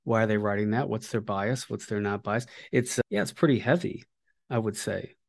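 A man's voice: on the low side, fairly quick, creaky. A man hosting a podcast, chatting casually, joking and teasing his guest with sarcastic praise. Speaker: podcast host.

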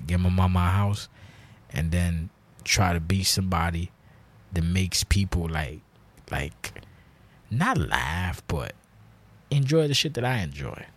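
Deep husky man ranting on a podcast. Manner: rambling, profane, heavy swearing; self-described grouchy, blunt. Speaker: podcast host. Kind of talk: casual solo podcast monologue.

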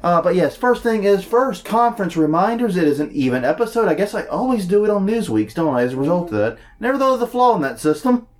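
A man's voice: high-pitched, quick pace, hardly any pauses. A man co-hosting a podcast, joking and self-deprecating as he reads event listings in casual chat. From New Orleans. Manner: jokey, self-deprecating, animated. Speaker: podcast co-host.

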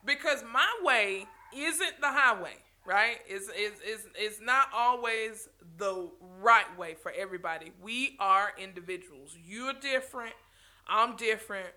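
A woman's voice: mid-range voice, unhurried, bright, forceful tone. A woman speaking passionately to her viewers in a motivational talk, stopping and restarting phrases and laughing now and then.

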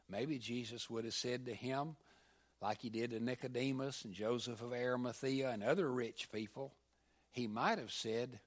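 A man preaching a sermon, telling a story in a halting way and acting out the figures' voices. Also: medium pitch. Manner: halting, with many fillers and restarts, voices the figures.

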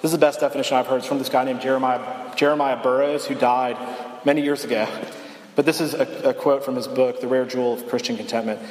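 A man's voice: mid-range voice, fairly even intonation, fast, darkish tone. A young man giving a sermon as a campus minister, conversational and self-deprecating, often restarting his sentences. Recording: echoey hall reverb.

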